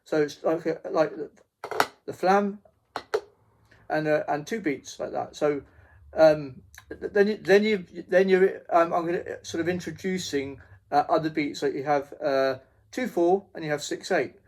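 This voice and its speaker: Gravelly man teaching drum basics. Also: on the high side. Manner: halting, many fillers and restarts, counts beats aloud. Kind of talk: casual drum lesson. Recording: faint noise with drum pad clicks.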